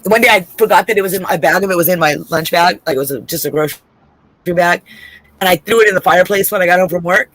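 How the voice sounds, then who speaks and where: On a video call with no echo, a woman co-hosting a trivia game talks fast in a lowish, slightly bright voice. She chats casually, cursing freely, laughing and rambling as she shares stories.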